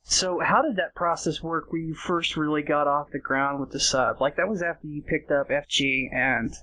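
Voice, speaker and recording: A man's voice: a little high, normal speed, bright, forceful tone, low-quality recording. A man hosting a podcast, asking questions and laughing along. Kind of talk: casual chat.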